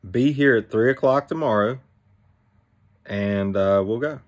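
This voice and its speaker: A man's voice: mid-range voice, unhurried, close to an everyday voice. A man voicing a confident young female fairy guide, bossy and matter-of-fact, in a casual retelling.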